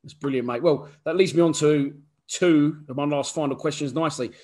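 A man's voice: on the high side, fairly quick, dark tone. A man hosting a casual interview who laughs along and asks loose, friendly questions. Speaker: podcast host.

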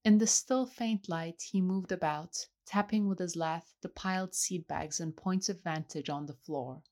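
A woman reading a literary novel aloud in a measured, even way. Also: fairly low pitch. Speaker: audiobook reader. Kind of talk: literary audiobook narration.

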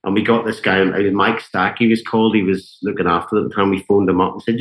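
A man's voice: lowish voice, fast, hardly any pauses, a bit bright, poor audio. A middle-aged man with a Northern Irish accent, a guest musician telling long, rambling stories full of fillers and quoted voices. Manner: rambling anecdotes, quoting others, many fillers. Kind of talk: casual storytelling interview.

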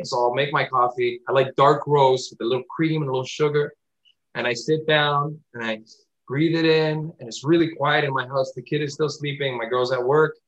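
A man talking casually on a podcast, animated and swearing freely, often jumping into loud high voices to act out bits. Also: echoey room, poor audio. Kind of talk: casual chat.

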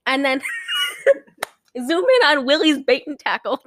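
A woman's voice: high-pitched, sing-song, slow pace, long pauses, no echo, studio quality. A woman hosting a podcast in casual chat, giggling often and rambling with lots of fillers. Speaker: podcast host.

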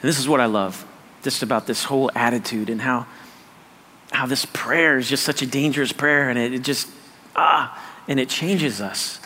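A man's voice: medium pitch, moderate pace, sharp tone, in a large hall. A man preaching a sermon, emphatic and repetitive, often checking that listeners follow. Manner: emphatic, repeats phrases, asks "does that make sense". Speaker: pastor.

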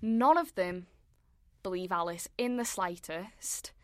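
A woman's voice: fairly low pitch, animated, takes it slowly, a little mellow, no room sound, clean studio sound. A woman co-hosting a podcast in casual chat, reacting animatedly to a film and acting out its lines, with many "like"s. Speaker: podcast co-host.

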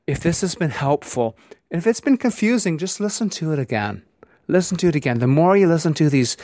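A man hosting a podcast, talking in a gentle, meandering way with restarts and repeated phrases. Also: medium pitch, no room sound, clean studio sound. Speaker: podcast host. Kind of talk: casual spoken podcast monologue.

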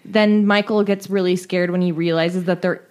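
A woman's voice: on the low side, steady tone, moderate pace, a little mellow. Woman casually recapping, swearing freely. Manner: profane, storytelling with quoted voices. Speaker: podcast co-host. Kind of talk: casual chat recapping a cartoon.

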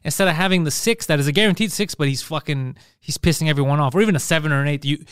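A man's voice: on the high side, rapid-fire, clear, resonant tone, dry recording, clean studio sound. A man hosting a casual podcast chat, blunt and emphatic and swearing freely as he makes his points. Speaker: podcast host.

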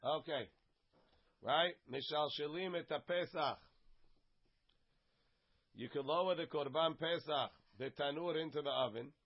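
A man's voice: a little high, a little slow, pauses often, breathy edge. A man teaching a casual text study class. He reads each phrase and then translates and explains it in plain words. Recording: dull, lo-fi sound.

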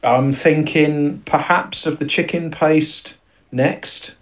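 A man's voice: fairly high pitch, fairly even intonation, slow, distant mic. Male comedy podcaster, loose and jokey, mutters through his thinking. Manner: playful, sweary, jokey asides. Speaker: podcast co-host. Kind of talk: casual comedy chat.

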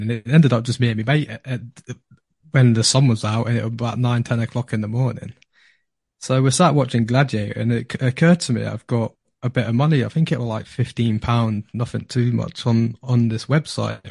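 A man, a podcast guest telling a story in a casual, animated way, laughing often and repeating words when excited. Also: mid-range voice, brisk, vocal fry, slightly rough, no echo, studio quality.

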